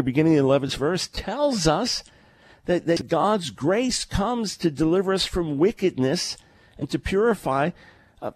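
A man with a slightly high voice hosts a live call-in radio talk show from a remote location in the early morning. He speaks earnestly and conversationally, often repeating a word as he starts a sentence, and there's no echo.

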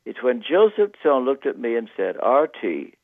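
A man telling a personal story as a radio guest, earnest and quoting others with slow emphasis. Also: medium pitch, big pitch swings, creaky, dry recording. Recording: dull, dry lo-fi radio audio.

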